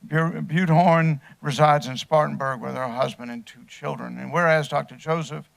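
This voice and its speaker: A man chairs a county council meeting, reading a formal proclamation at an even, measured pace. His voice sits a little high and carries a gravelly edge. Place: council chamber.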